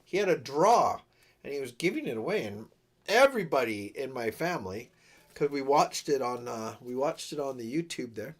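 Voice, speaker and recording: A man's voice: medium pitch, very animated, normal speed. A man hosting a casual live stream, rambling and self-deprecating, often losing his train of thought. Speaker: livestream host and singer-songwriter.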